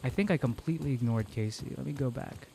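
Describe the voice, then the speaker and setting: A man's voice: medium pitch, gravelly, dark tone, a little hiss or hum. A man from the American South chatting casually and rambling through stories while streaming a horror game. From Southern United States. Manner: rambling, chatty storytelling, quick laughs. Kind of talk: casual chat while playing.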